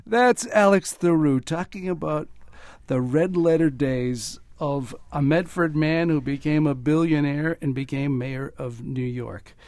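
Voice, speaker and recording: A man's voice: a little high, measured pace, darkish tone, no echo. A man hosting a radio talk show, narrating scripted segments and questioning guests. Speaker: radio host.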